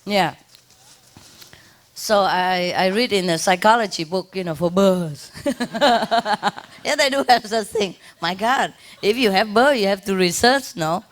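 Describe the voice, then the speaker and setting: Speaking at a measured pace in a medium pitch, this woman addresses an ashram gathering informally as a spiritual teacher. Her phrasing is simple, non-native English in loose sentences, and laughter comes often.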